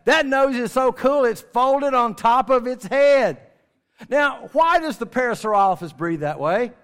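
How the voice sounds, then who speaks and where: A man's voice: very high-pitched, lively intonation, a little slow, fairly bright tone. A man giving a folksy, joking talk to a family audience, stretching words for emphasis. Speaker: speaker at a creation ministry. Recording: long reverb of a large hall.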